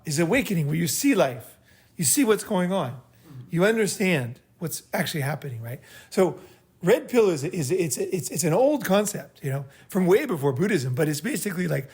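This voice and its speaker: A man's voice: fairly high pitch, darkish tone, husky. Blunt, profane man talking to a group. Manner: blunt, profane, rambling with frequent "right?". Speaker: host leading a group meeting. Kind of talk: casual group talk, advice.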